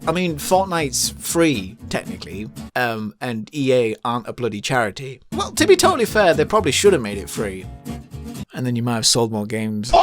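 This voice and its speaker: A man delivering a scripted, sarcastic gaming commentary, firing off rhetorical questions one after another. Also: on the high side. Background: background music.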